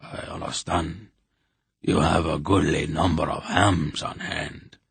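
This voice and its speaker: A cold, scar-faced merchant with a heavy accent, speaking in short, clipped lines, as a man reads him. The voice sits very low, gravelly and husky, with a dry close sound. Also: steady tone, slow, a bit bright, no room sound, full character voice. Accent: heavy foreign accent. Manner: curt, cold.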